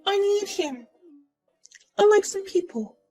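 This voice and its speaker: A woman's voice: very high voice, animated, takes it slowly, mellow, voice pushed up, exaggerated voice, low-quality recording. A woman voicing a smug, boastful young woman who taunts and mocks in a sing-song way. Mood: smug taunting. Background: faint music.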